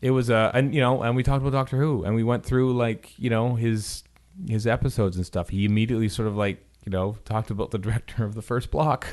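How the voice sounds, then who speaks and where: A Canadian man co-hosting a podcast, telling an animated story in casual chat with lots of fillers. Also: medium pitch, a little fast. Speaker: podcast co-host.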